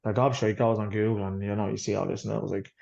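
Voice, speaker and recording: This man's voice is on the low side, creaky and darkish, racing along with little rise or fall. He's an Irish boxer being interviewed as a guest, telling his story bluntly, swearing freely and rambling, on slightly dull lo-fi audio.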